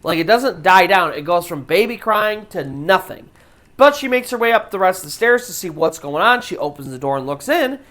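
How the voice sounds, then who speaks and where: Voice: medium pitch, animated, moderate pace, fairly bright tone. Casual ghost-story narrator, chatty and loose. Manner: conversational, loose, with many "you know" fillers. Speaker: storyteller and channel host.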